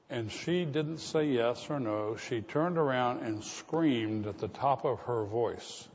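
A man's voice: mid-range voice, measured pace, few pauses, darkish tone, a little hiss or hum. Guy preaching a sermon, tells stories, echoey sanctuary, kinda muffled. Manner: storytelling preacher, rising to emphatic repetition. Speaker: pastor. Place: church sanctuary. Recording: muffled church recording with long reverb.

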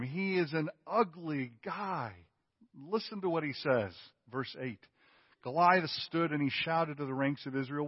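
Emphatic preacher with a long hall echo. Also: male voice, on the high side, dull audio. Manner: emphatic and conversational, checks in with "okay?". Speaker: pastor. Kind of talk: sermon.

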